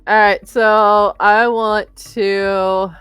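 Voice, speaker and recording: A woman playing in an online tabletop game, casual and unhurried, swearing offhandedly. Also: medium pitch, flat delivery, fairly bright tone, clear, resonant tone, dry recording. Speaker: player. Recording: dry mic with faint music.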